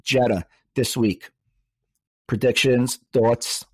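A man's voice: mid-range voice, steady tone, slow, a little mellow, slightly rough, no echo, clean studio sound. A man co-hosting a podcast, talking casually and filling his sentences with "like" and "you know.". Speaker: podcast co-host. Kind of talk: casual chat.

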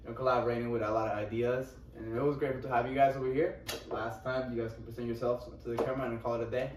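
A young man hosting a casual podcast, steering the questions in a relaxed way. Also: medium pitch, very fast, slight background noise. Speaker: podcast host. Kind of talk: casual chat. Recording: echoey room, mic at a distance.

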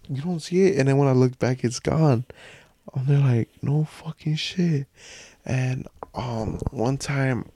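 A man's voice: mid-range voice, mellow, no echo. A young man from a Mexican family, a podcast guest telling rambling, profane anecdotes in casual chat.

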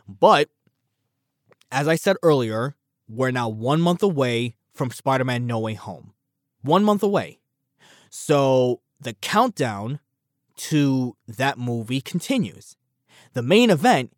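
A man hosting a solo commentary podcast, rambling and animated, swearing freely as he talks. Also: mid-range voice, no room sound, studio quality. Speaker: podcast host.

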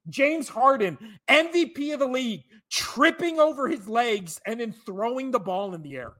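A man's voice: very high voice, lively intonation, normal speed, hardly any pauses, fairly bright tone. A man in his thirties or forties, co-hosting a sports podcast, ranting with profane, exasperated outbursts. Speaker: podcast co-host. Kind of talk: sports rant.

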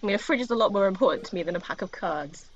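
A woman's voice: medium pitch, animated, racing, lo-fi sound, a little hiss or hum. A woman co-hosting a podcast in casual chat, making dry, wry quips and giggling. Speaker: podcast co-host.

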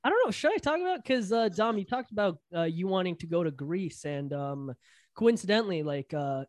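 A man's voice: sits high, sing-song, fairly quick, no room sound, clean studio sound. A young man with a Toronto accent, co-hosting a podcast in slangy, rambling casual chat. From Toronto, Canada. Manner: slangy, rambling, full of fillers. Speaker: podcast co-host.

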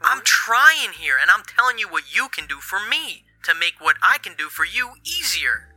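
A man's voice: sits high, very animated, moderate pace, bright, forceful tone, no room sound, faint music behind, full character voice, low-quality recording. A man voicing a blunt, exasperated male police lieutenant in a tabletop role-play game. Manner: blunt, pleading and pressing.

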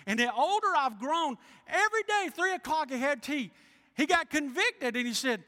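A man's voice: extremely high pitch, animated, normal speed, sharp tone, long reverb tail. A male pastor preaching a folksy sermon, acting out voices. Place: church.

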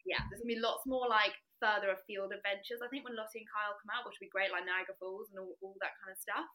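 A woman's voice: medium pitch, steady tone, fast, bright, forceful tone. A young woman from the south of England, a guest chatting casually on a podcast, upbeat and laughing often.

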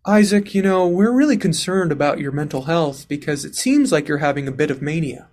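A man's voice: a little high, expressive, fairly quick, darkish tone, natural voice. A man quoting a condescending male psychiatrist in a patronizing, mildly concerned tone.

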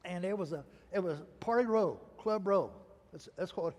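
High-voiced preaching man in a reverberant hall. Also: a little mellow. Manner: storytelling, emphatic preaching with dramatic pauses. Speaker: pastor. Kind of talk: sermon.

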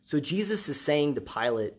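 A man's voice: fairly high pitch, big pitch swings, normal speed. A man preaching a sermon in a conversational way, repeating phrases for emphasis.

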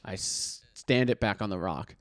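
A man's voice: fairly low pitch, normal speed, no echo, clean studio sound. A young man co-hosting a podcast, telling a story in casual chat, swearing freely. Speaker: podcast co-host.

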